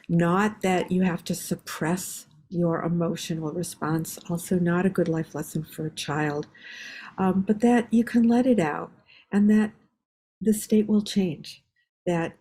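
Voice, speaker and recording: A woman's voice: fairly low pitch, steady tone, measured pace, warm tone, a little hiss or hum. An older woman, a psychiatry researcher, giving reflective, explanatory answers as an interview guest. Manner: reflective, explanatory, acts out parents' words.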